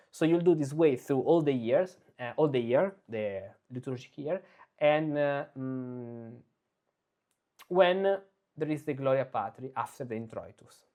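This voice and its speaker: Slow-talking man teaching chant. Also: on the high side, a little mellow. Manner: explains slowly, breaks into sung Latin chant phrases. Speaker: music teacher. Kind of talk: spoken lesson with sung chant examples. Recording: slightly dull, lo-fi recording.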